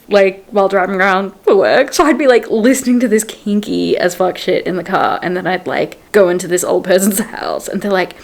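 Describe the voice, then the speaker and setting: Young woman book vlogger, chatty and rambling, retells plots with quoted lines, mid-pitched. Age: young adult. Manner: chatty, retells scenes in quotes, says "like" often. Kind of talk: casual book review chat.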